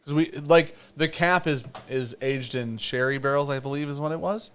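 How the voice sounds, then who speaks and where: Male host, fairly high voice, swears a lot, joking live whiskey chat. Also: moderate pace, clear, resonant tone. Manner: profane, joking, reads chat comments aloud. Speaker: show host. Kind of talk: casual live-stream chat while tasting whiskey.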